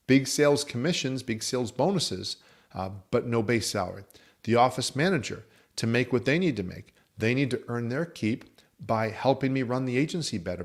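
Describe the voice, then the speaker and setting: A man teaching as a business coach, explaining methodically with worked examples. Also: fairly low pitch. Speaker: insurance agency coach. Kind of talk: instructional talk.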